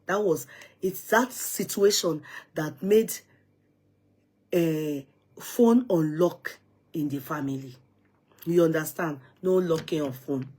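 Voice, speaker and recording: A middle-aged woman with a Nigerian accent, telling a personal story with dramatic swings from hushed whispers to loud outbursts. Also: sits low, slow, long pauses, slightly rough. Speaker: vlogger.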